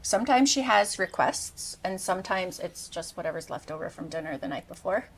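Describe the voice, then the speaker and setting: A woman's voice: fairly low pitch, animated, fairly quick, slightly rough, poor audio. Upbeat woman hosting a cooking show. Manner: enthusiastic, tasting food on camera. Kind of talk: casual cooking show chat.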